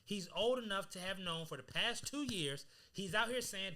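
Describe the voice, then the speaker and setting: A man co-hosting a podcast in casual chat, talking in an animated, emphatic way full of slang. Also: sits high, moderate pace. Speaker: podcast co-host.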